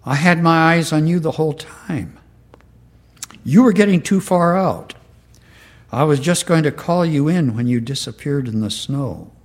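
A man's voice: on the high side, measured pace, pitched above the performer's own voice. A man reading as a kindly Marine sergeant. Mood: gentle, puzzled. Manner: gentle, plain-spoken, slightly folksy.

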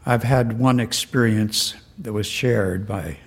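An older man reading a letter aloud in an earnest, measured way, then telling a personal anecdote. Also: on the low side. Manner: slow, earnest, measured delivery. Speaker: storyteller.

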